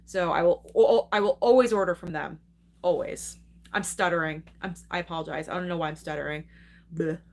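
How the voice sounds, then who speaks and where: A woman's voice: fairly low pitch, fairly even intonation, brisk, gravelly, a little mellow. A young adult woman hosting a live movie stream, chatting casually and enthusiastically while reading and answering viewer comments, laughing often.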